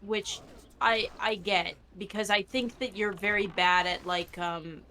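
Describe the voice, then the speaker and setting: A young woman chatting casually while playing an online game with a friend, talking in a lively way and acting out short quotes as she tells a story. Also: mid-range voice, a little slow, slight background noise. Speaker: streamer's co-player. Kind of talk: casual chat while gaming.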